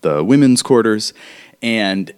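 A man's voice: lowish voice, expressive, takes it slowly, smooth. A man narrating as game master in a tabletop game, rambling with fillers and restarts.

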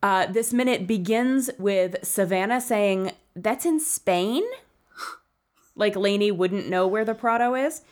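A woman's voice: medium pitch, unhurried, few pauses. A woman co-hosting a casual podcast, chatty and conversational, often thinking aloud. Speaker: podcast co-host. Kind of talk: casual chat.

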